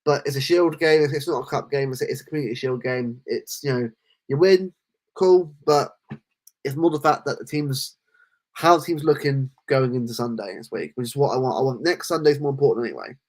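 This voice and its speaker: A man co-hosting a casual football podcast, talking in animated rants full of restarts. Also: medium pitch, a little fast. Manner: animated, ranting, lots of restarts. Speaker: podcast co-host.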